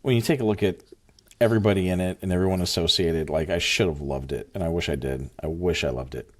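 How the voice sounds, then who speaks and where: A man co-hosting a movie podcast, talking in a relaxed, rambling way. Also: sits low, quick pace. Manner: laid-back, rambling, full of fillers. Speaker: podcast co-host. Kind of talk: casual movie chat.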